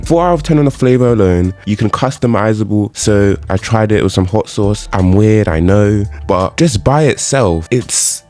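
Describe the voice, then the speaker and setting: A young man talking casually and jokingly as he rates meals in a vlog. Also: fairly low pitch. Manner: joking, animated, slangy. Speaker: food vlogger.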